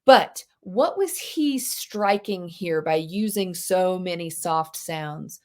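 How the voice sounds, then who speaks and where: A woman teaching a live online English class, chatty and expressive, with unhurried explanations. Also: lowish voice. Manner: chatty, expressive, reads lines aloud dramatically. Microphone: video call.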